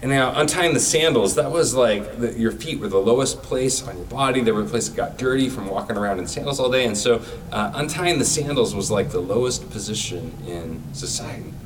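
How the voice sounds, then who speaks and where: A man's voice: mid-range voice, lively intonation, a little fast, hardly any pauses, distant mic, slight background noise, rough recording. A man giving a sermon in a casual, conversational way, using everyday comparisons. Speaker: preacher.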